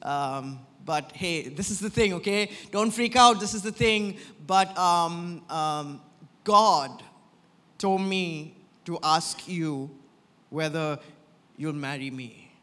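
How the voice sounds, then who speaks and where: A man's voice: on the high side, slow pace, fairly bright tone, voice pushed down. Brief: man doing a flustered prophet, tripping over his words in a reverberant church. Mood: nervous. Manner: stammering, hesitant. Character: awkward nervous male prophet proposing.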